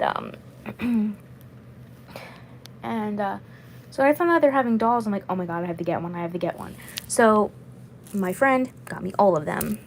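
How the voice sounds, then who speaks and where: A woman in her twenties chats casually on a livestream as a vlogger, rambling and repeating herself. Her voice is mid-range, and the low-quality recording has a little hiss or hum.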